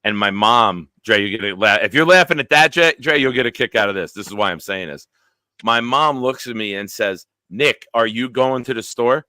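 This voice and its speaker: A man's voice: lowish voice, moderate pace, dry recording. A man hosting a casual sports talk stream over a video call, joking and telling stories. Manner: joking, animated storyteller. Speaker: podcast host. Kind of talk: casual chat, storytelling.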